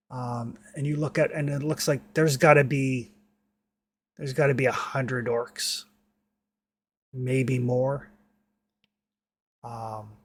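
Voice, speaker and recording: A man runs a tabletop game as game master, narrating in a loose, rambling way. He fills his sentences with words like "kinda" and "like." His voice sits at a middle pitch. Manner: rambling, many fillers like "kinda" and "like".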